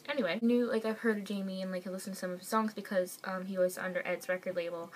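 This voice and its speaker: An excitable young woman tells a story casually to her camera at home. Her voice sits at an ordinary middle pitch and gushes with excitement, full of fillers. A faint hiss runs under it. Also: fast. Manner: excitable, gushing, many fillers. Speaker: vlogger.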